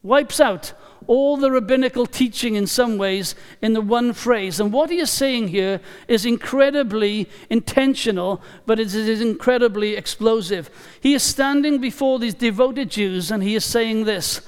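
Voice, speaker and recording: A man preaching a sermon in a church, emphatic and deliberate, repeating key phrases for weight. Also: very high voice, clear, resonant tone. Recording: long reverb of a large hall.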